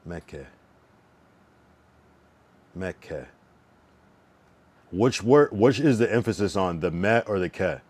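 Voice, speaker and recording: Deep-voiced man practicing a word aloud. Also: expressive, normal speed, few pauses, a little mellow, dry recording. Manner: repeats a word over and over to get the pronunciation right; loose and rambling, with many fillers and laughs. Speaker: livestreamer. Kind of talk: casual live-stream chat.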